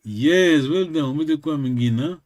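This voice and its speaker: A man's voice: a little high, unhurried, a little mellow. A man who speaks natively, teaching a language lesson. He is patient and repeats words many times.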